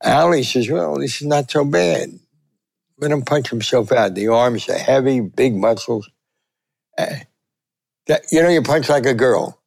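An older man, a veteran sportswriter telling a lively story and acting out the quotes. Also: measured pace, vocal fry. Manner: lively, acts out quotes with big pitch jumps. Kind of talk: animated storytelling.

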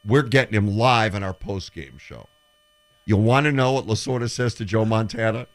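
A man with a lowish voice speaks at a moderate pace during a casual sports radio talk show. An animated storyteller, he acts out the voices and quotes of the people in his stories.

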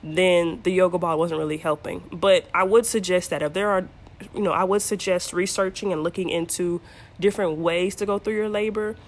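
A woman's voice: on the low side, fairly even intonation, brisk. A young woman casually telling her birth story to her viewers, chatty and candid with playful asides.

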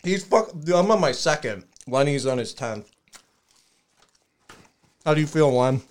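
A man's voice: on the high side, expressive, measured pace. A man in casual livestream chat, wisecracking and swearing while eating.

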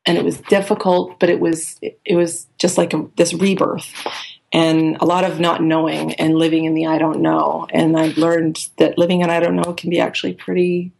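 A woman life coach telling her story in a casual interview, animated and chatty, acting out the voices of people she quotes. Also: lowish voice, normal speed, gravelly, slight background noise. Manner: animated storyteller who acts out quoted dialogue; chatty, with many fillers and restarts.

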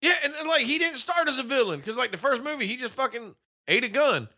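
Bright, lively-voiced young man ranting. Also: very high-pitched, quick pace. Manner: animated, swearing, mimics characters in quotes. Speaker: podcast co-host. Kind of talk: casual profane movie-review chat.

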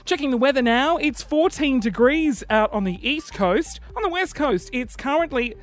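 A man's voice: very high-pitched, lively intonation, moderate pace, faint music behind, pitched above the performer's own voice. A man playing a cheery male mock newsreader with chirpy, overly formal delivery.

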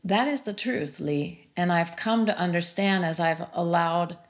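A middle-aged woman speaks a little slowly, her voice fairly low. She's a sound healer and interview series host, here as a guest, reflecting earnestly on grief with frequent "you know" fillers.

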